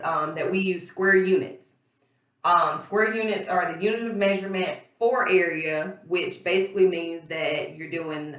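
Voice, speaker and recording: A hoarse woman teacher giving a recorded math lesson, explaining patiently step by step with frequent ums. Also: on the low side, fairly bright tone. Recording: echoey room, far from mic.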